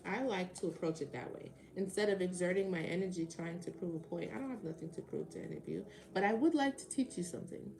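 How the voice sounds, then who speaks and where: A woman on a casual livestream tarot reading, her voice gravelly with fry. She answers chat commenters with sarcasm and swears freely between cards. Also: fairly low pitch, fast talker, few pauses, darkish tone, slight background noise.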